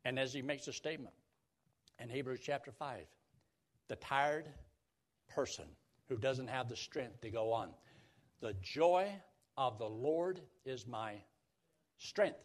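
An older man preaching a radio sermon, lively and emphatic, slowing down to quote scripture. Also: mid-range voice.

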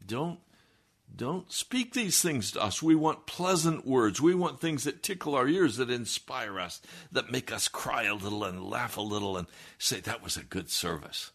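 A man's voice: medium pitch, expressive, normal speed, a bit bright, voice pushed up. A man putting on a scoffing, indignant churchgoer. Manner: defiant, scoffing. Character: indignant self-righteous male churchgoer.

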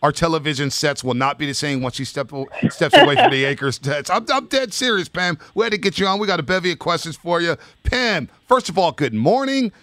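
A man hosting a sports radio talk show, excitable and emphatic. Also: a little high, fairly quick, hardly any pauses, dry recording.

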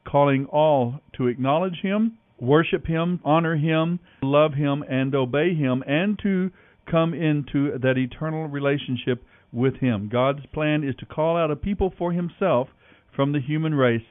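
A man hosting a Bible reading, measured and earnest, reading scripture with commentary. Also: fairly high pitch, no room sound. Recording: tinny phone-like line, faint music.

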